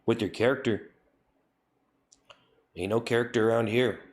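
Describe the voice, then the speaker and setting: A man's voice: medium pitch, steady tone, normal speed. A man streaming live, reading chat and scolding his viewers in a mock-stern, repetitive way. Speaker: livestreamer.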